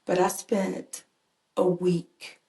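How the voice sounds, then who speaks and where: Woman, earnest animated storyteller, lowish voice, echoey room. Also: very slow, gravelly. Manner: earnest, animated, laughs while telling stories. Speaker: guest, mother and caregiver. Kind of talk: conversational personal storytelling.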